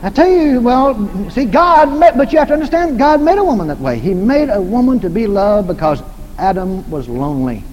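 A man's voice: high-pitched, big pitch swings, normal speed, a little mellow, dull audio. Brief: folksy, humorous male preacher, repetitive delivery, faint background noise. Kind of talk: sermon. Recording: echoey hall, faint noise.

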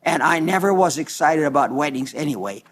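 High-voiced man in his nineties preaching. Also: animated, slightly rough. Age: 90s. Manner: slow, earnest, dwells on repeated words. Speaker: pastor. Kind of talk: broadcast sermon reading viewer letters. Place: South Dakota.

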